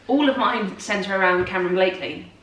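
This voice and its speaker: A woman's voice: mid-range voice, fairly bright tone. Female co-host, easygoing chat, echoey distant room sound. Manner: quick agreeing interjections. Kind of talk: casual morning chat. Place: home room.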